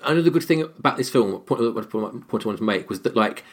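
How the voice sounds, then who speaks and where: A man co-hosting a podcast, giving opinions on a film in a halting, stop-start way. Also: medium pitch, expressive, slightly rough. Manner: halting, restarts often. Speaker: podcast co-host. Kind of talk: casual film discussion.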